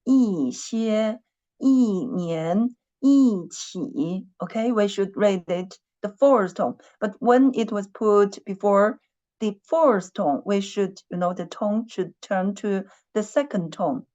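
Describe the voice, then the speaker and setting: A woman's voice: medium pitch, measured pace, darkish tone, highs cut off. A woman teaching a Chinese class online, patiently repeating her questions and humming while she thinks.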